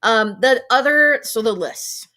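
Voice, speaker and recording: Woman hosting a mental health show solo, bright voice, chatty and casual, laughs at herself. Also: a little high, measured pace. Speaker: podcast host.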